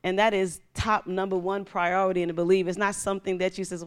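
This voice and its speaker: A woman's voice: fairly low pitch, steady tone, fast talker. A middle-aged woman pastor preaching a sermon, telling stories with animation and acting out voices.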